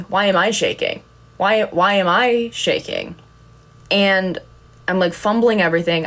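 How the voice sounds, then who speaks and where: A young woman chatting casually on a livestream, telling rambling, giggly, self-deprecating stories. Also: mid-range voice. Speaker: content creator on a livestream.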